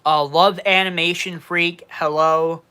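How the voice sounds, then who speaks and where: A man in his twenties from Western New York, with a Western New York accent, hosting a casual livestream Q&A and talking loudly and cursing freely. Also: fairly high pitch, little pitch movement, measured pace, clear, resonant tone. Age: 20s. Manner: loud, heavy casual cursing. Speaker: YouTube livestream host. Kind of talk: casual livestream Q&A, reading chat.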